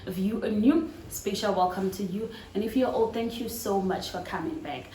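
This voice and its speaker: Cameroonian woman vlogger, chatty and animated, talks straight to her viewers, roomy home recording with a faint hum. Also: mid-range voice, normal speed. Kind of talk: casual vlog talk to camera.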